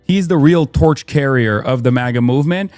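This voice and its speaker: A man's voice: medium pitch, moderate pace, a little mellow, dry recording, faint music behind. A man giving political commentary in an earnest, analytical and fluent way.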